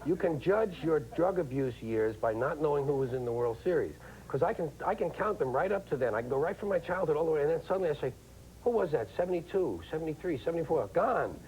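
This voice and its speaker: A middle-aged man, a comedian guest who chats wryly and lively, slipping into impressions. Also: a little high, quick pace, hardly any pauses, a little hiss or hum, poor audio. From New York. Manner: wry, animated, slips into impressions. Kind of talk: casual chat.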